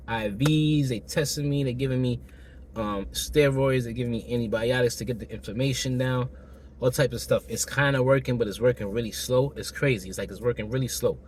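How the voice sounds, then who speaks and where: A man with a hoarse, still-recovering throat tells a personal story to camera in a loose, slangy way, repeating himself and acting out the exchanges. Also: medium pitch, a little fast, darkish tone, a little hiss or hum. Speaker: vlogger telling a personal story.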